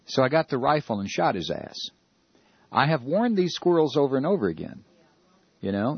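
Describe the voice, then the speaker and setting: A man's voice: medium pitch, big pitch swings, normal speed, creaky, long pauses, breathy edge, dry recording, dull audio. A man hosting a talk radio show, ranting sarcastically and rambling with many fillers. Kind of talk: opinionated talk radio monologue.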